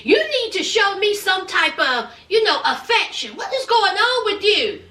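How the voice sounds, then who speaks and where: A lonely middle-aged wife pleads and complains to her husband in a high, bright voice, as a woman acts her out. The voice sounds roomy and set back from the mic. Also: big pitch swings, a little slow, heavily acted. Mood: pleading. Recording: roomy echo, mic at a distance.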